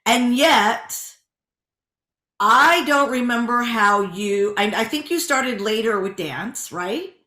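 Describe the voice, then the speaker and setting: A woman co-host asks questions in a relaxed, chatty way. Her voice is bright and a little high, and it rings in an echoey room. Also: slow. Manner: relaxed, chatty, many fillers. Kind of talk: casual interview questions.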